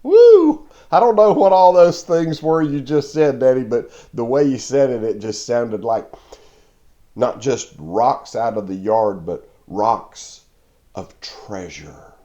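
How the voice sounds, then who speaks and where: A man voicing an excited six- or seven-year-old girl who squeals with wonder. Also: lowish voice, slow, highs cut off. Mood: amazed, delighted.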